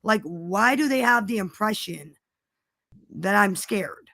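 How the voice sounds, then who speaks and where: A woman's voice: mid-range voice, expressive, slow pace, fairly bright tone, dry recording. Defiant, foul-mouthed woman telling a story. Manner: defiant, profane, repeats herself for emphasis. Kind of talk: casual storytelling.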